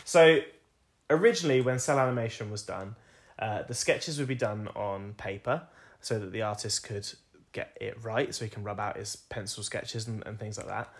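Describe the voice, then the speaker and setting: A man's voice: on the low side, moderate pace. A young man co-hosting a podcast, chatting casually, explaining at length and laughing often. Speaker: podcast co-host.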